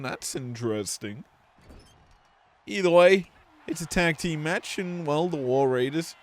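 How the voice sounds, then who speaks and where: A male commentator with a middle-range voice calls the action in a casual, joking way. He takes his time, drifting into offhand quips between the plays. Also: medium pitch.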